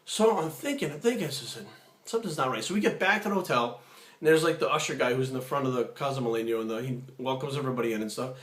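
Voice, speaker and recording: A man telling a story in a casual vlog, animated, acting out other people's lines. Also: mid-range voice, quick pace. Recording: echoey room.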